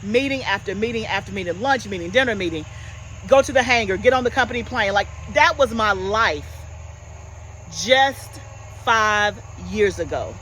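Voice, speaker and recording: Woman, 40s, homestead vlog host, relaxed animated chatter, calls viewers y'all. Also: medium pitch, normal speed, a little hiss or hum, rough recording. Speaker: homestead gardening channel host. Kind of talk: casual chat.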